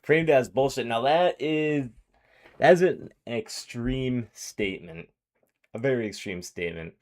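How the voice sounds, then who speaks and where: A man's voice: mid-range voice, measured pace. A man giving casual reaction commentary, rambling with frequent fillers and restarts.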